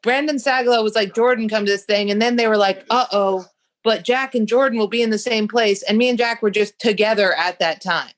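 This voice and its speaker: A woman's voice: fairly high pitch, fast talker, hardly any pauses. A young woman, a comedian guest on a talk show, telling a story in casual chat, profane and acting out the voices of the people in it. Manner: animated, profane, acts out quoted voices.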